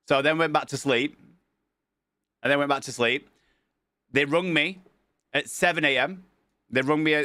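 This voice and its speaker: A man, a streamer casually telling a long story and acting out the dialogue with lively energy. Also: mid-range voice, dry recording. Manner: animated, acts out quoted dialogue.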